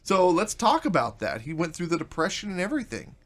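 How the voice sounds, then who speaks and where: A male talk show host with a voice pitched high for a man. He is energetic and joking, pokes fun at himself, and rattles off sponsor plugs and phone numbers in the way of a radio show. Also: a little fast. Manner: energetic, joking, self-mocking; reads ads and phone numbers.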